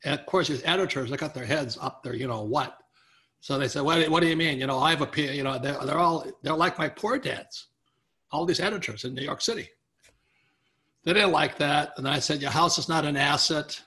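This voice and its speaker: A man's voice, a touch higher than most and strikingly bright, spins a long anecdote for an interviewer. He acts out the people he quotes and keeps the story moving with a lively, energetic delivery. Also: a little fast. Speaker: guest author.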